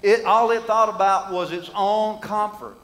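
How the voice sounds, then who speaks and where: Folksy high-voiced male preacher. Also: fairly even intonation, measured pace, a bit bright, low-quality recording. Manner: folksy, conversational, with rhetorical questions to the congregation. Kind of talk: sermon.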